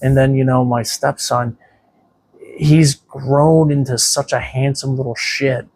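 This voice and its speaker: A man's voice: medium pitch, fairly even intonation, a little slow, darkish tone. A man who owns a tattoo shop, a podcast guest telling rambling, profane stories full of "you know.". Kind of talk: casual interview storytelling.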